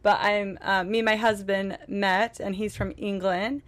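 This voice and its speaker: A woman's voice: mid-range voice, level tone, unhurried. A young woman from Utah, a podcast guest telling stories in a chatty, laughing way on a cruise ship. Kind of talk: casual chat. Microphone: podcast microphone.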